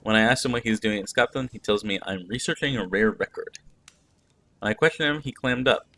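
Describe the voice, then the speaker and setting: A man reading the lines of a friendly middle-aged Greek cook in a narrative game, in a relaxed, matter-of-fact way. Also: lowish voice, fairly quick, gravelly. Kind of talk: reading game dialogue aloud.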